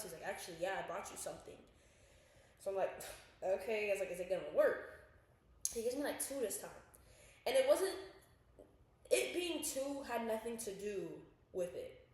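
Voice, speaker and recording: A young woman telling a story on a casual podcast, animated and loose with her swearing. She acts out the lines people said and sits at a middle pitch. The room is very echoey. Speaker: podcast co-host.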